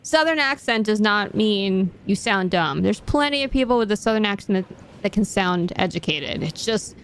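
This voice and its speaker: A woman's voice: medium pitch, animated, moderate pace, a little hiss or hum. A young woman streamer chatting casually and rambling to herself as she plays a game. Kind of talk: casual chat while gaming.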